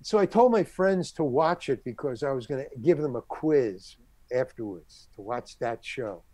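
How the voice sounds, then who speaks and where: A man's voice: medium pitch, normal speed, dry recording. An older man, a guest on an interview show, telling a long anecdote and acting out the people in it. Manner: animated storyteller who acts out the people in his story.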